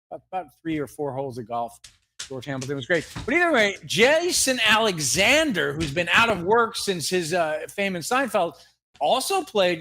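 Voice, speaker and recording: High bright-voiced man riffing mock news. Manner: rambling, jokey, laughs at his own gags. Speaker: co-host of a comedy news segment. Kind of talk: mock newscast banter.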